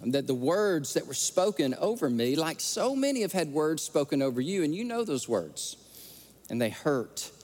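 A man's voice: a little high, very animated, moderate pace, a little mellow. A man preaching a sermon, earnestly and emotionally telling stories and repeating his words as he goes. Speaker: pastor. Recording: long hall reverb.

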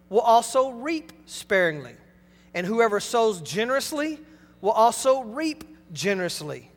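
A male pastor delivering an emphatic sermon, swinging between loud and hushed. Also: sits high. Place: church sanctuary. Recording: long hall reverb.

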